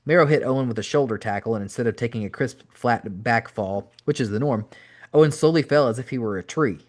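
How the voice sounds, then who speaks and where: A man reads an audiobook aloud in a steady, home-made style. His pitch sits in the middle range for a man, and he now and then backs up to fix a misread word. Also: fast talker. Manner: steady reading with occasional self-corrections. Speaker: audiobook reader and podcast host. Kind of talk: amateur audiobook narration.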